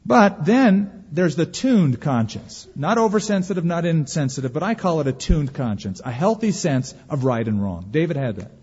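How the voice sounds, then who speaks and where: A male pastor preaches with a mellow, slightly husky voice that swoops up and down with expression. His delivery is folksy and full of humor, with dramatic pauses. The sound is dull and carries a long church reverb. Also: medium pitch. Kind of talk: sermon.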